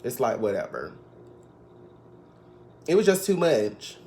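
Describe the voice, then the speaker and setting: A man's voice: medium pitch, wildly swooping pitch, slow, warm tone, slight background noise. A man giving a casual, sassy recap of a reality TV episode, gossiping and now and then mimicking the cast. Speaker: TV recap vlogger.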